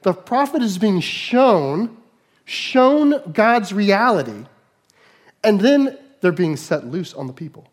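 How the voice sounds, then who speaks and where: A male pastor preaching a sermon, animated, moving between quiet asides and raised, emphatic lines. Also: sits high, slow.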